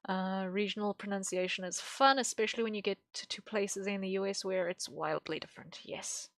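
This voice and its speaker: A woman's voice: mid-range voice, brisk, dry recording. A young woman streaming while she draws, rambling casually with lots of fillers and small laughs. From English-speaking. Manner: rambling, thinking aloud with many fillers and laughs.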